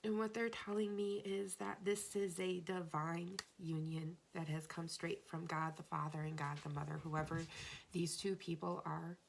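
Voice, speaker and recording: A woman delivers a spiritual tarot reading in a gentle, meandering way, her voice carrying a light vocal fry. A faint background hiss sits under her talk. She sounds earnest and moved by what she says. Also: lowish voice, little pitch movement, normal speed. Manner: gently rambling, emotional, at times tearful and laughing. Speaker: tarot card reader.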